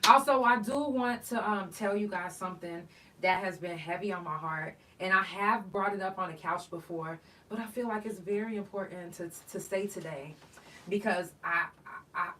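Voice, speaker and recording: Animated woman storyteller, off-mic. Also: lowish voice, recorded from a distance, low-quality recording. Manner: animated storytelling, swearing, acting out texts. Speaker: podcast host. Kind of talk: casual solo chat.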